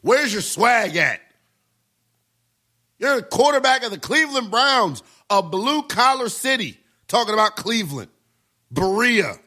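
A man's voice: sits high, very animated, a little slow, pushed and bright. A man hosting a sports talk radio show, giving brash, emphatic opinions and taking calls.

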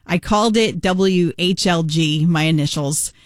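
A woman's voice: on the low side, a little slow, no echo, clean studio sound. A woman co-hosting a morning radio show in casual chat, talking in an emphatic way with lots of fillers. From New York. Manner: chatty, filler-heavy, emphatic. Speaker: radio co-host. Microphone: studio microphone.

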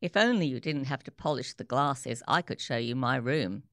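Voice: medium pitch, normal speed, a bit bright, no room sound, studio quality, lightly acted. A presenter reading aloud and voicing a curious, bossy young boy in a slightly raised tone. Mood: eager. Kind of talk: audiobook reading.

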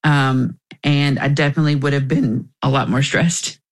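A woman's voice: rumbling low, fairly even intonation, moderate pace, gravelly. A young woman, a guest in an interview, telling her personal story candidly and emotionally, with restarts along the way.

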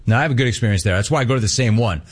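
A middle-aged man hosting a call-in radio talk show, ranting with energy and mimicking people in a high voice. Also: racing.

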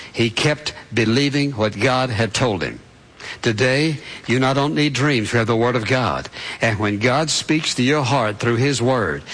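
A male preacher giving a sermon at an ordinary, mid-range pitch. He retells the scripture story in plain words and asks listeners to picture it as parents and as children. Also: fairly bright tone, rough recording.

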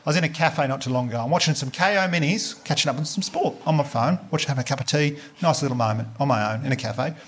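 Crude Australian stand-up comic. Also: male voice, fairly high pitch, quick pace, few pauses, a little hiss or hum. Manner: crude, deadpan storytelling with quoted voices. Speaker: stand-up comedian. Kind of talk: stand-up comedy set. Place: comedy club stage before a live audience. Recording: live stage mic, loud crowd laughter. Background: audience laughter.

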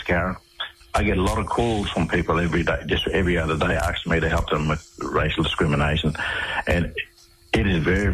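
Deep-voiced Australian man telling his story. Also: fairly bright tone, a little hiss or hum, poor audio. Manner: rambling, with many restarts and repeated words. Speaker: interview guest. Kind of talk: casual radio interview storytelling.

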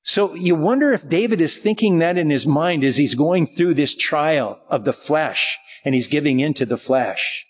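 Male pastor, earnest and halting, husky tone, long church reverb. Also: on the high side, lively intonation. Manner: earnest, halting with restarts, slows to read scripture. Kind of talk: sermon.

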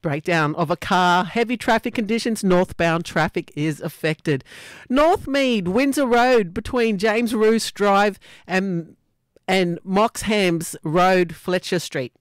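A woman's voice: mid-range voice, slow pace, no room sound. Australian woman, breakfast radio host, bubbly and chatty, dry studio sound, mid-range voice. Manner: chatty and upbeat, laughs often. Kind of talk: live radio presenting.

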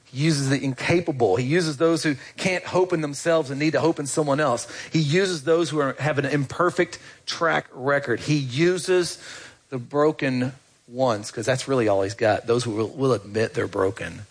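A man's voice: medium pitch, moderate pace, breathy edge. A man preaching a conversational sermon to his congregation as their pastor, asking them questions and urging them to respond. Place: church.

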